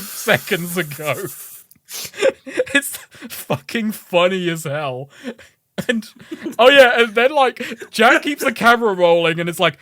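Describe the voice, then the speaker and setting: High, bright-voiced swearing podcast man. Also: dry recording, clean studio sound. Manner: sweary, laughs often, rambling. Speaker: podcast co-host. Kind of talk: casual chat recapping a video game.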